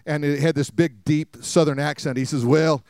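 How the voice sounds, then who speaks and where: A man's voice: on the high side, little pitch movement, normal speed, darkish tone, clear, resonant tone, dry recording, clean studio sound. A man preaching a sermon, telling funny personal stories and asking the congregation rhetorical questions. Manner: humorous storytelling, many rhetorical questions to the congregation. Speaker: pastor.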